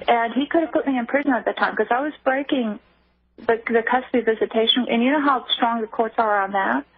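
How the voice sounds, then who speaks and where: A woman guest on a radio call-in show, giving emotional personal testimony with halting restarts, heard over a phone line. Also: fairly high pitch, slightly rough, no room sound.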